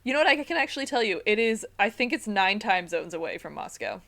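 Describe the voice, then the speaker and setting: A woman's voice: mid-range voice, big pitch swings, fast talker, gravelly, fairly bright tone. A woman co-hosting a casual podcast, talking in a chatty, self-deprecating way and laughing often. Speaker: podcast co-host presenting the topic.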